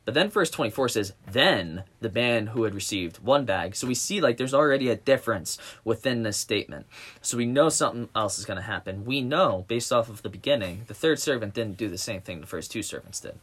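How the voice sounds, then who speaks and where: A man's voice: on the low side, animated, brisk, a bit bright, slightly rough. Man leading a casual Bible study. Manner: reads scripture aloud, then explains it in a loose, filler-heavy way. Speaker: Bible study discussion leader.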